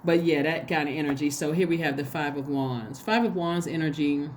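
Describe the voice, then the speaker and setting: A woman giving a casual spoken tarot reading, chatty and excitable, talking straight to her viewers. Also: low-pitched, a little fast, a little hiss or hum. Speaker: tarot reader.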